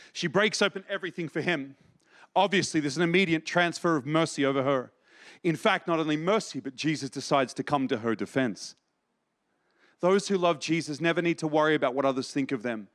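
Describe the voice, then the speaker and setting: A man with a notably high-pitched voice delivers a sermon. He preaches with passion, pushing his voice up with urgency and then dropping into a soft, intimate hush as he tells the story. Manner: impassioned, swings from raised to hushed.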